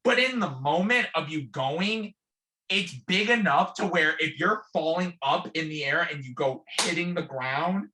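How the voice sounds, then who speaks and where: A young man co-hosting a channel, chatting casually in an animated, dramatic way, with big vocal jumps when he quotes himself. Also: high-pitched, moderate pace. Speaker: channel co-host. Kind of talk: casual storytelling chat.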